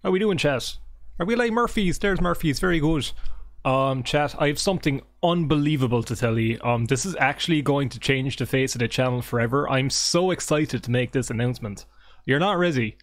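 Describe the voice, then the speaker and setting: Excitable, joking male game streamer. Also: medium pitch, brisk, no echo. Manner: excitable, joking, swears often. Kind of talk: casual livestream chat with viewers. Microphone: desk microphone.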